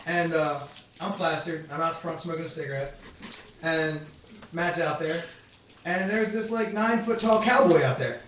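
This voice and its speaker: A man with a bright, lively voice rambles through a long story among friends. He sits away from the mic in a very echoey room, with faint hiss behind him. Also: fairly high pitch, moderate pace, far from the mic. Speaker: podcast co-host. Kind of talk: casual anecdote telling.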